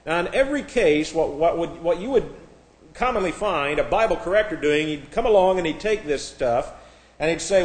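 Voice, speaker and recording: Man, Bible class teacher, slightly high voice, spells words out, echoey room. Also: lively intonation, normal speed. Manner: spells out words letter by letter, many restarts. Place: church classroom.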